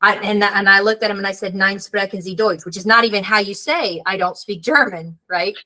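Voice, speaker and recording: A woman's voice: mid-range voice, fairly quick, low-quality recording. A woman, a guest author, telling a story in casual conversation and acting out the voices she quotes. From United States. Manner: animated storyteller, acts out quoted voices, frequent "like".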